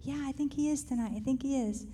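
A middle-aged woman telling a faith-based family story in an earnest, animated way, acting out the quotes. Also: high-pitched, fast, in a large hall. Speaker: co-host sharing a family story.

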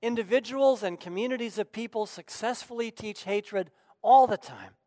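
A man's voice: high-pitched, normal speed, mellow, no room sound, clean studio sound, long reverb tail, close to an everyday voice. A man doing a fervent old Polish professor. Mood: passionate. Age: 80s. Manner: fervent, earnest conviction.

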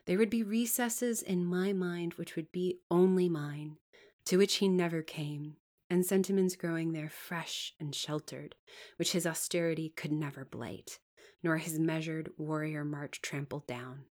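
A woman narrating a classic novel in the first person, measured and expressive, at times dropping to a hush. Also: low voice. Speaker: audiobook narrator.

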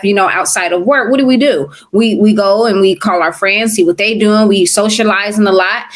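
A middle-aged woman minister talks through her testimony in an earnest, preaching way. She stumbles and restarts words often, and her voice sits at an ordinary middle pitch for a woman. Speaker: minister and podcast guest. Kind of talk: conversational testimony.

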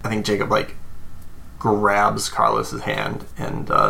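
A man narrating a tabletop role-playing game as game master, halting and rambling with many fillers. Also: fairly low pitch, sing-song, gravelly, sharp tone, slight background noise.

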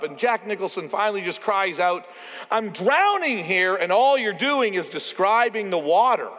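A man's voice: high-pitched, a bit bright. Man preaching in a reverberant hall. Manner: conversational preaching with rhetorical questions. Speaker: pastor. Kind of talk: sermon.

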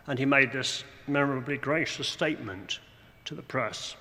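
Male preacher, bright forceful voice, measured sermon delivery, dry asides, long hall reverb, faint room noise. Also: medium pitch. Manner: measured, slowing for emphasis, dry wry asides.

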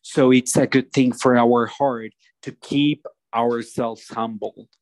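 A man preaching a sermon, slow and deliberate, often restarting his phrases as he explains a passage. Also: medium pitch, steady tone, a little mellow, no echo, rough recording.

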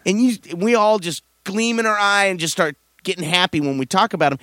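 A man's voice: high voice, fairly quick, pushed and bright, no room sound. A man co-hosting a podcast, telling family stories in casual comedic chat, laughing often and acting out quotes in raised voices. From Southern Maryland. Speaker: podcast co-host.

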